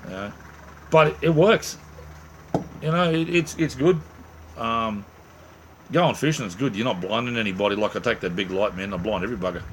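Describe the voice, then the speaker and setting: Chatty Australian man, low voice. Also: normal speed, long pauses, a little hiss or hum. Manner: rambling, chatty, jokey, with many restarts. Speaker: livestream host. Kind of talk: casual live chat reading viewer comments.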